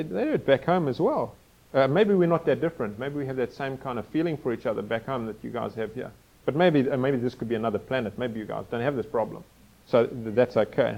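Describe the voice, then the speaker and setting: A man from Africa preaches in a lively, teasing way, stopping to quiz his audience between readings. His voice has a mellow, darker tone. The recording sounds a little dull and muffled. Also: mid-range voice. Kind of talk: expository sermon.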